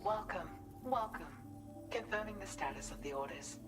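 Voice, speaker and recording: A woman's voice: medium pitch, animated, normal speed. A woman voicing a polite, formal game character who greets a porter, her voice slightly robotic like a transmission, with music under it. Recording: game audio with clear music.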